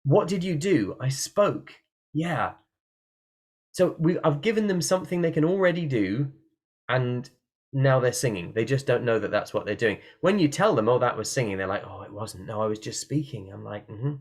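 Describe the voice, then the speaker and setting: A man at his computer, talking through a singing lesson in a relaxed, playful way. He jumps between plain explanation and short bursts of sung or shouted examples. His voice sits at an everyday middle pitch. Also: moderate pace. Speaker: singing teacher. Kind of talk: online workshop talk. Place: room at a computer by a window.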